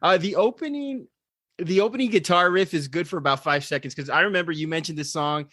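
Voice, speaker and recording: Male podcast host, higher bright voice, dry close sound, jokey. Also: a little fast, dry recording. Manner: joking, laughs between lines. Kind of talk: casual chat.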